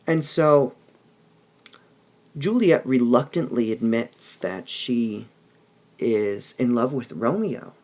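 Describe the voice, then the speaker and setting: A man's voice: medium pitch, expressive, slow, long pauses, a little mellow. A male teacher explaining a play in a recorded lesson, checking in with "all right?" as he goes. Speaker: English teacher.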